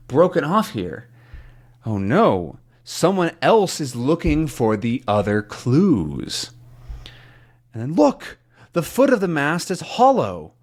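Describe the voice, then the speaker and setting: A man teaching English to learners, reading a comic aloud with slow, clear explanations. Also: medium pitch.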